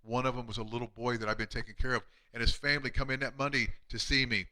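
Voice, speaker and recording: A man, a chiropractor, telling emotional patient stories on a live stream, earnest and often dropping to a hushed voice. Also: mid-range voice, flat delivery, quick pace. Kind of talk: heartfelt storytelling on a live stream.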